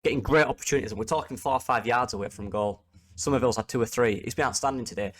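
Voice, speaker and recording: A man's voice: mid-range voice, racing. A man, a football fan vlogging an angry post-match reaction, repeating himself in exasperation.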